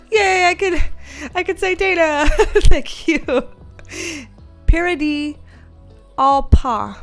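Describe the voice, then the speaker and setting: Young woman on a stream, high voice, laid-back slow talk, giggles a lot, faint music going. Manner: giggly, chatty, swears freely, greets viewers with bursts of high excitement. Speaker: livestream host, tarot reader. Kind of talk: casual livestream chat reading comments.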